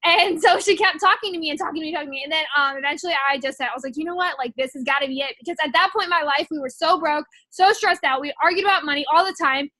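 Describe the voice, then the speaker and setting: A young woman who works as a network marketing distributor shares her personal story in a high, bright voice. She talks fast with few pauses, rambling casually and using lots of filler words. The recording is close and dry, with no room sound or echo.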